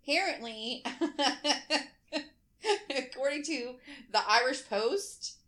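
A woman's voice: sits high, lively intonation, very slow, a bit bright. Chatty laughing woman podcast host. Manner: chatty, laughs often, reads news aloud. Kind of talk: casual chat.

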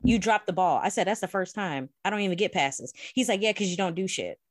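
A woman in casual podcast chat, telling an animated, profane story with plenty of laughs. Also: medium pitch, quick pace, dry recording, clean studio sound. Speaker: podcast co-host.

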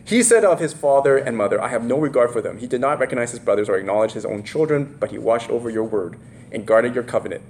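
Guy preaching, chatty and animated, voice jumps all over, bit of faint background hum. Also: mid-range voice, fast. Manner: animated, voices the characters in the story; casual, many fillers and laughs. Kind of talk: sermon.

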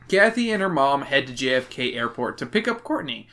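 A man's voice: mid-range voice, very animated, moderate pace, a bit bright. A drunk man hosting a podcast, recapping a book with sarcastic, giggly asides. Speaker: podcast host.

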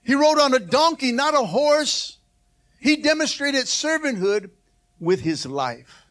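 A man preaching a sermon to his church as pastor, lively, with repeated calls of come on and hallelujah. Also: very high voice, slow.

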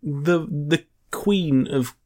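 Dry-joking podcast co-host. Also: male voice, a little high, very slow, mellow. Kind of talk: casual film review chat.

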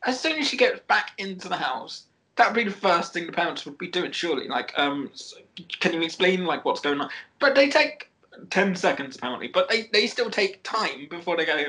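A woman co-hosting a casual film podcast, with a bright, forward voice. She recaps the plot in a rambling way, full of ums and restarts. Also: on the low side, sing-song, fairly quick, low-quality recording. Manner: rambling plot recap with frequent fillers and laughs. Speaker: podcast co-host.

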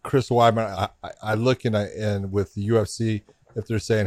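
A man with a somewhat low voice hosts a podcast and weighs in with measured, plain-spoken commentary. His voice is close to the mic with a dry sound and no room echo. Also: steady tone, a little mellow. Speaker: podcast host. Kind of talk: casual chat.

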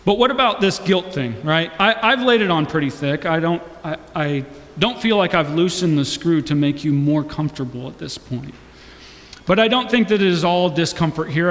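Male pastor, high-pitched, chatty sermon with emphatic peaks, recorded with long hall reverb. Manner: conversational, with restarts and rising to emphatic calls.

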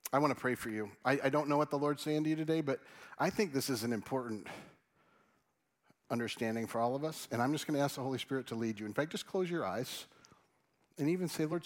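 A man preaching a sermon and leading a prayer as pastor, earnest and pleading, his voice dropping soft and low as he prays. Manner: animated, rising questions to the congregation.

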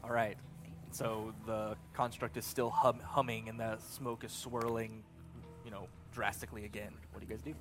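A man's voice: on the low side, little pitch movement, moderate pace. Guy describing the scene in a tabletop game, music faint in back.

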